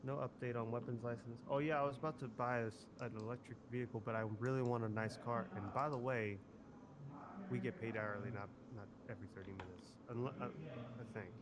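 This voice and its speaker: A man's voice: medium pitch, fairly even intonation, fast talker, noisy background. A man streaming a roleplay game who rambles, swears casually and piles up fillers while trying for an Italian accent. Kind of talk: casual in-character game chat.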